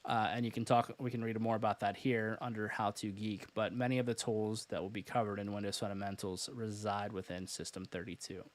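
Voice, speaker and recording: A man hosting a live-stream tutorial, talking casually with lots of "uh" fillers and quick self-corrections. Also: lowish voice, little pitch movement. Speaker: host and cybersecurity instructor.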